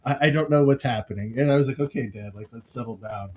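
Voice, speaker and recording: A middle-aged man co-hosting a podcast, chatting casually and telling family stories with quick impressions of the people in them. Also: medium pitch, low-quality recording. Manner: storytelling, mimics his father's outbursts. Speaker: podcast co-host. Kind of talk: casual chat.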